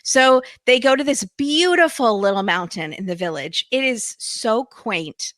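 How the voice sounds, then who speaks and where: A bright-voiced woman hosts a casual podcast recap. She chats fast and loose, full of "like" and "um," and the sound is dry and close to the mic. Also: fairly high pitch, dry recording. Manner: chatty, lots of "like" and "um", animated retellings. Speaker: podcast host.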